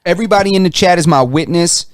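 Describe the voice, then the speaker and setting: A man's voice: high-pitched, fast talker, a little hiss or hum. A man co-hosting a podcast, trading jokes and trash talk in casual banter. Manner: joking, animated, trash-talking. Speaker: podcast co-host.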